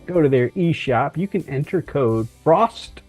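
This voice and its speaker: A woman with a husky, lively voice talks casually on a live stream. She is a little scattered and keeps correcting herself mid-sentence. The sound is dry, with soft music behind. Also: deep voice, a little slow, no room sound. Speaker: co-host. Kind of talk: casual chat, plugging a discount code.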